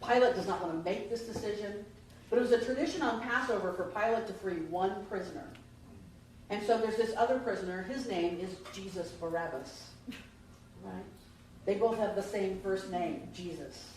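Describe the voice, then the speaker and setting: Here a woman minister, mid-range in pitch with a darkish tone, moves at a moderate pace through a conversational Easter sermon, questioning her congregation. She's picked up by a distant mic in a very echoey church sanctuary, with faint background noise.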